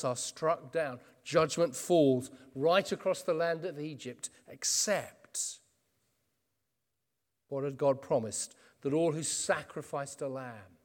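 A man preaching an earnest expository sermon. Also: a little high. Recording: long reverb in a church hall.

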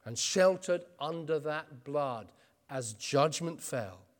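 A man's voice: a little high, lively intonation, slow. A man preaching an earnest expository sermon. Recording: long reverb in a church hall.

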